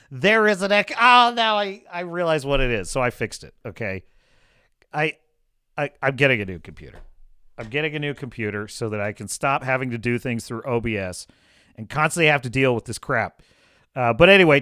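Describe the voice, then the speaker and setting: A man's voice: on the high side, sharp tone, no echo. Male stream host, blunt and heated, dry close sound. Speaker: livestream host. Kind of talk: ranting live stream commentary.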